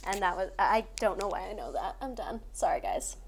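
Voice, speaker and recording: A woman chatting casually as a podcast co-host, rambling through anecdotes with quick asides. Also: medium pitch, expressive, a little hiss or hum. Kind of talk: casual chat about the Oscars.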